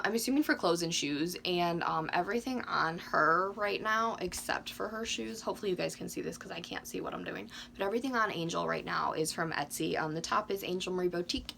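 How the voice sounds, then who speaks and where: A woman in her twenties chatting casually to camera with lots of ums, a little hoarse from losing her voice. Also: on the low side, bright, forceful tone, slight background noise. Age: 20s. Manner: chatty, frequent ums, candid. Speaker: doll collecting YouTuber.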